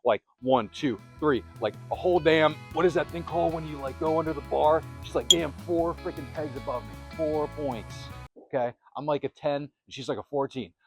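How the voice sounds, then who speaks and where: A man's voice: a little high, moderate pace, music in the background. A man hosting a self-help channel, giving a motivational talk to camera in emphatic, repetitive, punchy phrases on a close microphone.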